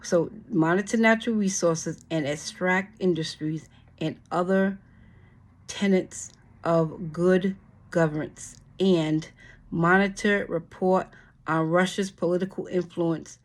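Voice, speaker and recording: A woman's voice: on the low side, steady tone, slow. A woman hosting her channel, reading a bill aloud and cursing at it in exasperated commentary, with frequent sighs and restarts. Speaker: channel host.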